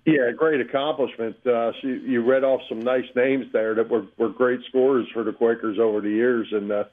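A man's voice: medium pitch, fairly even intonation, normal speed. A man co-hosting a casual sports radio chat, friendly and talkative, often repeating himself. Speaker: co-host. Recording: phone-like call-in line.

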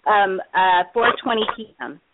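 A woman's voice: mid-range voice, expressive, moderate pace, noisy background. A woman from Los Angeles calling in to a radio show, polite and cheerful as she asks for a reading. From Los Angeles, USA. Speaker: caller. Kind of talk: call-in phone conversation. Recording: phone line.

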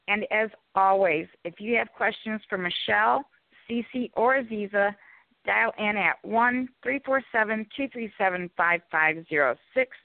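A woman co-host reads a scripted show opening in an upbeat promo style. Her voice comes through a tinny phone line with a dry, close sound and a middle pitch. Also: dry recording.

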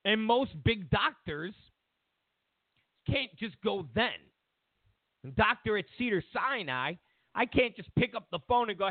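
A man's voice: high-pitched, expressive, a little slow, pauses often, no room sound. A man hosting a talk show, telling a personal story in a casual monologue with frequent restarts. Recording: tinny phone-like audio, dry.

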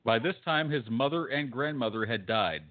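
Dry mid-pitched man, lively, tinny sound. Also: normal speed. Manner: dry, swearing, reads search results aloud. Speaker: podcast co-host. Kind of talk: casual chat. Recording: phone-like narrow sound.

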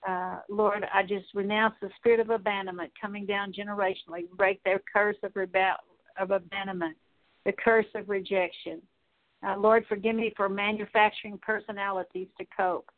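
A woman Bible teacher leading a slow, halting spoken prayer with many pauses and fillers. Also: medium pitch, little pitch movement. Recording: tinny phone-like audio.

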